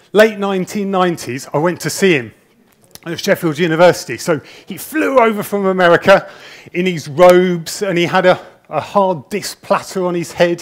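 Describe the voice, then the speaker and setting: Speaking with a high-pitched voice, a middle-aged man delivers a conference talk in a conference hall, wearing a wireless presenter mic with a body pack. He comes across as nervous and talkative, telling stories laced with self-deprecating humour.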